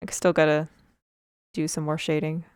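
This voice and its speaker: A young woman from Canada talks through a casual drawing livestream, her voice on the low side for a woman and clean and smooth. She rambles from thought to thought with fillers along the way, and a slight speech impediment colours her words. The sound is dry and close, with no room around it. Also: monotone, moderate pace, darkish tone, no echo. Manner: chatty, rambling, frequent fillers and laughs. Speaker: Twitch streamer.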